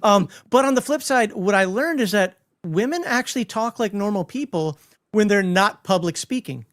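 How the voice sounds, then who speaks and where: A man's voice: high-pitched, animated, normal speed, fairly bright tone. Blunt guy giving his takes on a stream, laughs while he talks. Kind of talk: casual chat.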